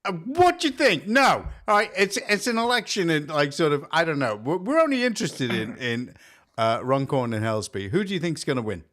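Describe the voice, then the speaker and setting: A man's voice: a little high, big pitch swings, a little fast, a bit bright. A man hosting a casual chat, playful and teasing as he steers the talk. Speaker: podcast host.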